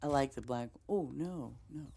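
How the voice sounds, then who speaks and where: Female game streamer, Boston accent, deep-pitched, chatty and rambling, laughs easily. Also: normal speed, warm tone, breathy edge. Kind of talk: casual chat with stream viewers.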